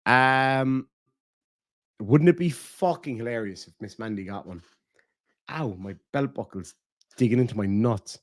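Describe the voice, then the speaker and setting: Hosting a casual livestream, this Irish man speaks at medium pitch in an unhurried way, leaving long pauses between blunt, profane remarks and donation readouts. His loudness swings animatedly, and the studio-quality audio has no echo.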